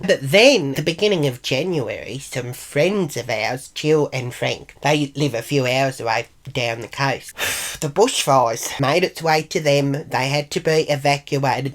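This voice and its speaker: Middle-aged Australian woman with a low voice, chatty and blunt, telling stories to camera. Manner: chatty, blunt and sweary, acts out quoted arguments. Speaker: vlogger. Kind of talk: casual monologue vlog.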